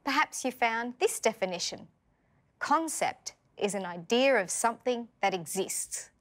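A woman's voice: on the high side, expressive, unhurried. Patient Australian woman teaching vocabulary. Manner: clear, patient, asks learners questions. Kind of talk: scripted vocabulary lesson.

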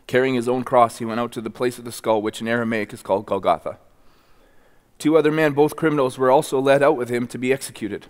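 A man's voice: mid-range voice, fairly even intonation, quick pace, smooth, big-room sound. A man preaching a sermon in a church, reading scripture and then speaking earnestly, often repeating and restarting words. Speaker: pastor. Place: church sanctuary.

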